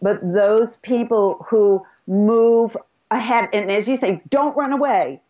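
A woman's voice: on the high side, slow pace, warm tone. A woman co-host speaking with thoughtful enthusiasm in a casual interview chat.

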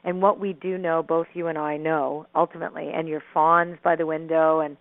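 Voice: medium pitch, level tone, normal speed. A host chatting casually, affirming the guest's stories and sharing one of their own. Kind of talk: casual conversation. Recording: tinny phone-like line.

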